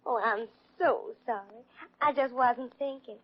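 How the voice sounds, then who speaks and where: A coy Southern belle. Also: female voice, a little high. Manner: gushing, coy drawl. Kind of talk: 1940s radio acting. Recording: dull old radio recording.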